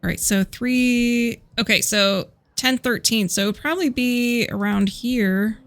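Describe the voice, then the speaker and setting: A woman streaming a mystery game, jumpy and excitable, easily spooked as she plays. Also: on the high side, a little slow. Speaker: gaming streamer. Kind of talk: let's play commentary.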